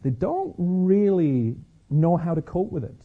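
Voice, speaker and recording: A man's voice: sits high, sing-song, a little slow, phone-quality sound. A man giving a Christian talk, telling personal stories with frequent restarts and repeated words. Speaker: Christian speaker.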